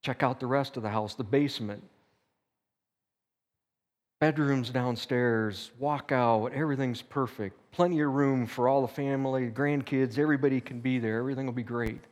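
A man's voice: medium pitch, steady tone, normal speed. An older man teaching at church, telling a personal story in a conversational way and acting out his own thoughts. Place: church hall. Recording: echoey hall reverb.

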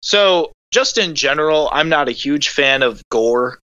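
A man's voice: a little high, expressive, a little slow, pushed and bright, smooth, dry recording. Hesitant man on a dull dry mic. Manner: hesitant, many ums, personal asides. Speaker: panel guest. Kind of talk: casual panel discussion.

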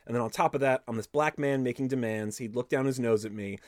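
A man hosting a podcast, reading an interview aloud with animated, profane storytelling and cutting in with his own comments. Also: medium pitch, fast talker, no echo, studio quality. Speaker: podcast host.

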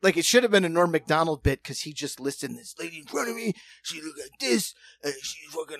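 Animated man telling a story. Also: fairly high pitch, brisk, few pauses. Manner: animated, acts out other people's voices, laughs often. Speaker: podcast co-host. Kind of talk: casual storytelling chat.

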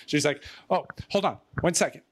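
A man's voice: on the high side, moderate pace. A man telling a rambling story in casual chat, out of breath, stumbling over fillers and laughing often. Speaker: storyteller guest.

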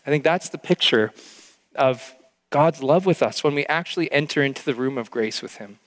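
A man's voice: a little high, normal speed, big-room sound. A male pastor preaching an earnest, heartfelt sermon, with frequent restarts.

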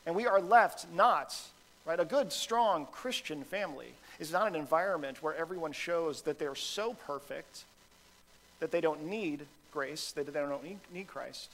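A man's voice: fairly high pitch, unhurried, a bit bright, poor audio. A man, a pastor with a son, preaching a sermon in a conversational, self-deprecating style full of fillers and restarts.

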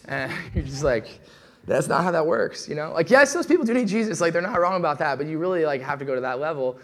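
A young adult man preaching a sermon in a relaxed, conversational way, full of asides and quick acted-out quotes. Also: on the high side. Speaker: pastor.

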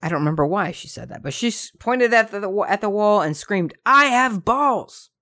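A man hosting a podcast, telling stories in an animated, jokey way with frequent tangents. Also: sits high, fast, no room sound. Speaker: podcast host. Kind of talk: casual storytelling monologue.

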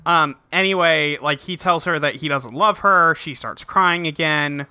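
A man's voice: fairly high pitch, a little slow, sharp tone, clean tone, no echo. A man co-hosting a podcast, recapping a TV episode in casual chat and rambling with lots of fillers. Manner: rambling, heavy "like" and "um", acts out characters in quotes. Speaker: podcast co-host.

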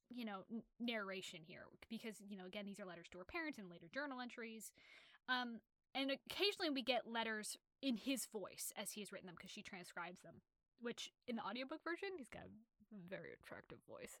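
Bright, chatty woman discussing a novel. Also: on the high side, fairly quick, dry recording, clean studio sound. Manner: chatty, animated retelling with frequent fillers. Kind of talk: casual literary discussion.

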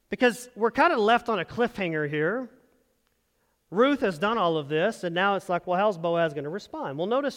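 A man with a high voice delivering a sermon to his congregation. He keeps it conversational, throwing out quick rhetorical questions. His words hang in the long reverb of a large hall. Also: fairly bright tone. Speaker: pastor.

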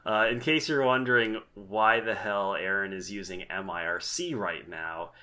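A man's voice: lowish voice, moderate pace, pushed and bright. A man hosting a podcast in casual chat, rambling and self-deprecating with restarts. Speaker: podcast host.

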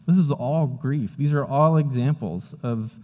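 A young adult man, a pastor, preaching and praying in a relaxed, conversational way, telling stories with lively acted-out moments. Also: mid-range voice, measured pace. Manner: conversational storytelling preacher, animated retellings. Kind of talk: sermon. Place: church hall. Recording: long hall reverb.

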